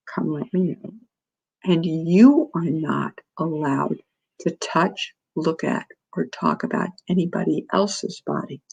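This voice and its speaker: A woman's voice: low voice, vocal fry, warm tone, husky, dull audio. A woman presenting a parent workshop, speaking earnestly and telling stories with quoted dialogue. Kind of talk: lecture to parents.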